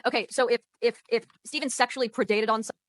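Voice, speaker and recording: A woman's voice: on the high side, fairly even intonation, quick pace, no echo. A woman arguing firmly in a heated debate, repeating her points and pressing her accusations. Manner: insistent, repeats herself, firm accusations. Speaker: debate panelist.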